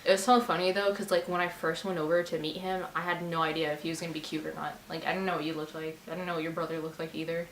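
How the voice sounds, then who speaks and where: A woman in her twenties chatting casually on a storytime video, playful and quick to laugh. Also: low-pitched, little pitch movement. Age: 20s. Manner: chatty and giggly, playful teasing. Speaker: vlogger. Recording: roomy sound, distant mic, faint hiss.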